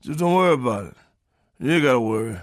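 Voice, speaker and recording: A man voicing his old grandfather, a pompous man who misuses big words, speaking slowly and self-importantly. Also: mid-range voice, lively intonation, dry recording, studio quality, natural voice. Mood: irritated.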